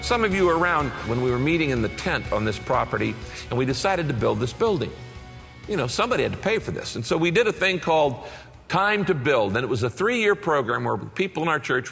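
A male pastor tells a personal story from the pulpit, acting out the dialogue in an animated way. His voice sits a little high for a man. The sound carries the long reverb of a large church auditorium. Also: gravelly. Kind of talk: sermon.

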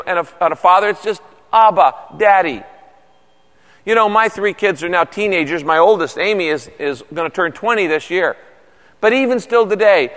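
Animated middle-aged male pastor preaching. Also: sits high. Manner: animated, folksy preaching with humor. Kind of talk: sermon. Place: large church hall. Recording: long reverb of a big hall.

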